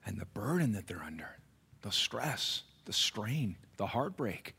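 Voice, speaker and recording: Earnest preacher with a low voice. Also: male voice, big pitch swings, a little slow, vocal fry, breathy edge. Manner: earnest, shifts from raised emphasis to hushed near-whispers. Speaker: pastor. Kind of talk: sermon. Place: church sanctuary.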